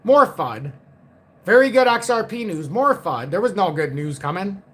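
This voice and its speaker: A man with a notably high-pitched voice holds forth on a casual livestream. He talks bluntly and cynically and swears freely as he rants. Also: sing-song, moderate pace, fairly bright tone. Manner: blunt, profane, cynical ranting. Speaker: crypto market livestream host.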